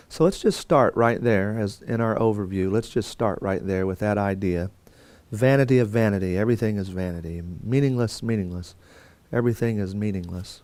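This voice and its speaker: A man's voice: on the low side, brisk, a little mellow, no room sound. A man teaching a Bible course in a conversational lecture style, with fillers and restarts and quotes acted out. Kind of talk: classroom lecture.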